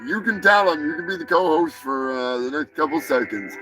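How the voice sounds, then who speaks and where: Lively, foul-mouthed male show host. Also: fairly high pitch, fairly quick, few pauses, music in the background, poor audio. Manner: profane, rambling, offhand. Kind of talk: casual live comedy show.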